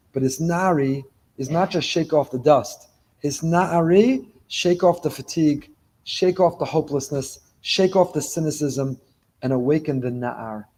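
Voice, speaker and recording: Male rabbi, slightly high, soft and mellow tone; emphatic sermon delivery, repeats key lines, drops Hebrew terms throughout. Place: synagogue before a live congregation.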